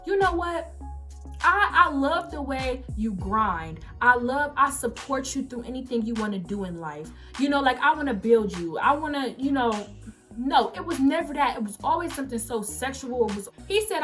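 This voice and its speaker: A young woman in her late teens telling a story-time vlog, animated and emphatic, acting out the quoted messages as she goes. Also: sits high, moderate pace, soft background music. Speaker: vlogger.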